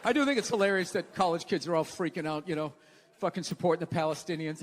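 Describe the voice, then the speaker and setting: A man's voice: a little high, quick pace. A man doing a stand-up comedy set, ranting and sarcastic with a lot of profanity, in front of a live audience. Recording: live show with loud crowd laughter and room noise.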